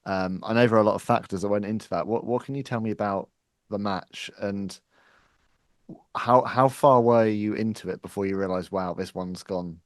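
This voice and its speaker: Fairly low-voiced guy hosting an interview, earnest and thoughtful, dry close sound. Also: fairly even intonation, normal speed, dry recording. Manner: earnest, reflective, leading questions. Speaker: interview host. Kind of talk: casual interview.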